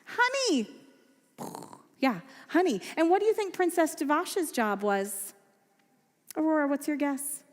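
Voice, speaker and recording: A woman's voice: high-pitched, very animated, a little slow, pauses often. A woman telling a story to children at a family service, playful and quizzing them with questions. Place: synagogue sanctuary. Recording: echoey hall with faint music.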